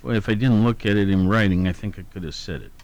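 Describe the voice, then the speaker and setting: A man with a lowish, slightly mellow voice talks fast while hosting a radio show. He reads out the day's anniversaries and birthdays in a meandering, casual way, with hummed filler syllables and spoken self-corrections.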